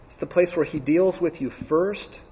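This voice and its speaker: A man's voice: fairly high pitch, normal speed, a little mellow. A man teaching a Bible class in a church setting, earnest, repeating key phrases with frequent ums and restarts. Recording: dull sound with long reverb in a hall.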